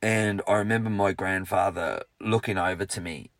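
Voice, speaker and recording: A man tells a personal story candidly, with plenty of swearing and a self-mocking streak. His voice sits on the low side. The sound is close and dry. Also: fairly even intonation, moderate pace, fairly bright tone, dry recording. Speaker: speaker.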